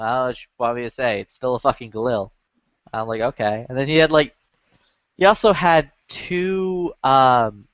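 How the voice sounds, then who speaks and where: A man's voice: mid-range voice, fairly bright tone, dry recording. Man, rambling profane storyteller, dry close sound, dull lo-fi voice chat. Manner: profane, rambling, many filler "like"s. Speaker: lobby chat regular.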